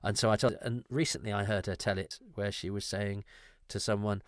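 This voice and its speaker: A man's voice: on the low side, fairly even intonation, fairly quick, dry recording, clean studio sound. A man hosting a podcast, talking in a rambling, self-interrupting, candid and reflective way. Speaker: podcast host. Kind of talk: casual conversational podcast discussion.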